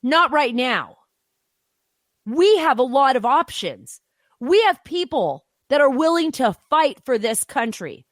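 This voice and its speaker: A woman's voice: sits high, sing-song, slow pace, no echo, studio quality. A woman hosting political opinion commentary, talking in an impassioned, emphatic way.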